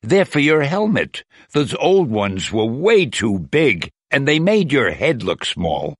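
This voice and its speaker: A man's voice: medium pitch, very animated, takes it slowly, dry recording, studio quality, voice pushed up. A man reading a storybook aloud and voicing a cheerful, fashion-loving superhero woman in a chatty manner. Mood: chirpy.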